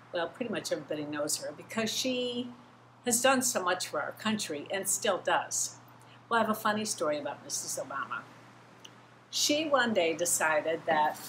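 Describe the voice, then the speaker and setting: A woman giving a children's sermon, telling a Bible story in an animated way and acting out the voices of the people in it. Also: fairly low pitch, background noise. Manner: animated, acts out quoted voices, talks straight to kids. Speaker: children's message leader.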